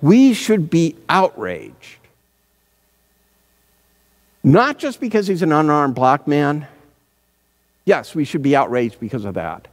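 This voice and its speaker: Male pastor, lively earnest sermon delivery, slightly high voice, church reverb. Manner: earnest, searching, slows down for emphasis.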